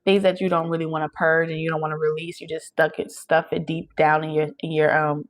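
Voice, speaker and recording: A young woman speaks in a fairly low voice, doing a chatty, emphatic channeled tarot reading. She talks straight to her listeners, often pausing to ask "okay?" between points. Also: level tone. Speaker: tarot reader. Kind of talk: channeled tarot reading, casual talk to camera.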